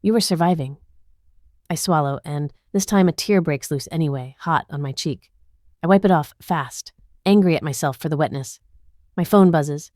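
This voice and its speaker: A woman narrates a dramatic story in the first person, keeping her delivery tense and inward. Her voice sits on the lower side. The recording is dry, with no room sound at all. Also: normal speed, darkish tone, no room sound.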